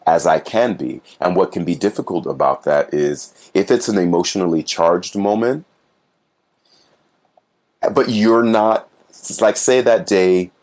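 A man's voice: low-pitched, measured pace, a little mellow. A man, a stage actor, talking earnestly and reflectively about his work in a casual interview. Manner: earnest, reflective, acts out little voices when telling stories. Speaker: Broadway actor guest.

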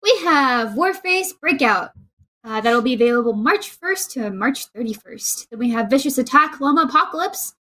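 A woman's voice: high voice, lively intonation, normal speed, fairly bright tone. A woman co-hosting a gaming podcast, reading out a list in a light, playful way. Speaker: podcast co-host. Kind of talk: casual gaming podcast chat.

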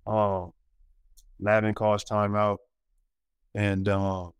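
Man, storyteller, low voice, smooth and clear, lively delivery, many fillers. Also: very slow, dry recording. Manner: animated storyteller, many fillers, acts out quotes. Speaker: former college basketball player, guest. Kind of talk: casual storytelling interview.

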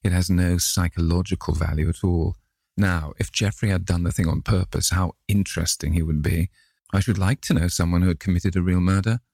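A man's voice: low-pitched, steady tone, a little fast, gravelly, darkish tone, breathy edge, no room sound, studio quality, heavily acted. Man reading a drawling cynical aristocrat. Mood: languid. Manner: drawling, epigrammatic. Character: languid witty aristocratic gentleman, cynical. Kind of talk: audiobook character reading.

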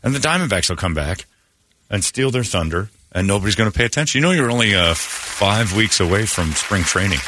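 A man's voice: lowish voice, lively intonation, fairly quick, bright, forceful tone. A man hosting a morning radio show, ranting with sarcastic, opinionated jabs. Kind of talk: casual morning radio rant.

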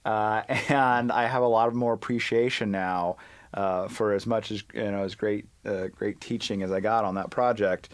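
A man being interviewed as a guest reporter, talking in an animated way that stops and restarts often. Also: fairly low pitch, no echo. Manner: animated, halting, many restarts. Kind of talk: conversational interview.

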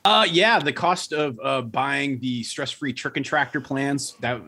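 Mid-pitched male farmer, careful explainer who restarts often. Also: a little slow, bright, forceful tone. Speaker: guest farmer. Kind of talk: interview answers.

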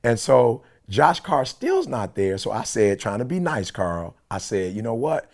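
Guy with a kinda low voice telling a long story on a podcast, acting out what people said. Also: a little slow, vocal fry. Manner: animated, quoting people in dialogue. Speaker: podcast co-host. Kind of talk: casual storytelling. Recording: conference call.

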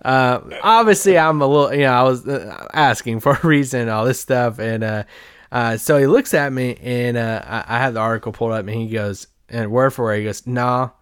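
Speaking fairly quickly, this man has a medium-pitched, clear and resonant voice, captured in studio quality without echo. He's a podcast host and sports reporter whose casual storytelling wanders loosely and is full of laughs.

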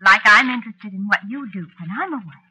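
A breathy, teasing witch wife. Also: medium pitch, lively intonation, fast, sharp tone, full character voice, poor audio. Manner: playful, coaxing, with a cold edge. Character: teasing, jealous witch wife, coy and menacing. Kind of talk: 1940s radio acting.

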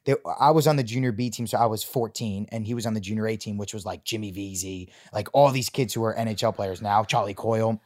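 Animated young man telling stories. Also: on the low side, fast talker, few pauses. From Rhode Island. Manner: animated storyteller, swears freely, laughs often. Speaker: guest. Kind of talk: casual interview chat.

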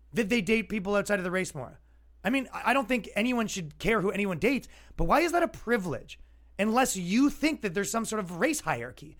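High-voiced man on a sarcastic rant. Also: fairly bright tone. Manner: exasperated, sarcastic, acts out quoted voices. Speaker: comedian podcast host. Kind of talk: casual comedic rant.

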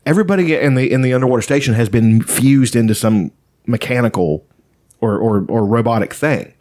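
A man's voice: mid-range voice, a little fast, a little mellow. Man in casual talk; loose, profane, rambling delivery full of "like" and "you know.". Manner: rambling, profane storytelling with many fillers. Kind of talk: casual chat.

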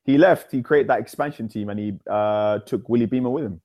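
A man hosting a casual football podcast, moving the talk along briskly. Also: medium pitch, darkish tone. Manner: brisk, moves the show along. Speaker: podcast host. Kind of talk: casual sports chat.

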